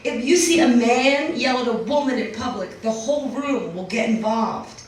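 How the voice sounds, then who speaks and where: A woman's voice: fairly high pitch, normal speed, a little hiss or hum. A young adult woman doing a brash, profane, self-mocking stand-up set in a small club. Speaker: stand-up comedian. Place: small club with a live audience. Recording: distant mic in an echoey room with a laughing crowd.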